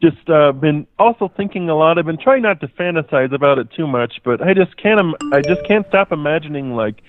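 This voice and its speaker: A man's voice: on the high side, animated, brisk, over music. A man calling in to a show, goofy and meandering, stumbling over made-up words. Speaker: caller. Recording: dry, tinny phone line.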